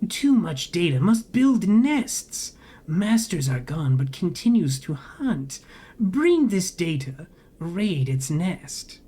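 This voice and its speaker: A player reading a narrative game aloud, voicing a cryptic vending machine in slow, halting, broken phrases. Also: medium pitch, very animated, dark tone, husky, full character voice. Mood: urgent. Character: eerie multitonal vending machine, cryptic and urgent.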